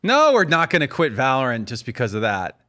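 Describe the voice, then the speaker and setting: A man's voice: mid-range voice, wildly swooping pitch, fairly quick, sharp tone. A man in his forties streaming a shooter game from a room at home, chatting casually, mocking himself and swearing often. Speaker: livestreamer playing a shooter game. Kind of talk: casual gameplay commentary.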